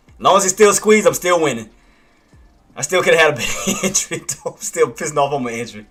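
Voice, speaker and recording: A man's voice: fairly high pitch, animated, a little fast, fairly bright tone, faint music behind. A man doing casual live trading commentary, who swears at himself and keeps talking himself down. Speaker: day trader streaming live commentary.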